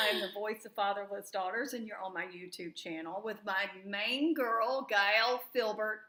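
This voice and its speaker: Southern woman host, bubbly, jokey, bright voice, roomy echo. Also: medium pitch, fairly even intonation, moderate pace, few pauses. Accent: Southern American. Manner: bubbly and joking, laughs often. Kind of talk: casual video chat.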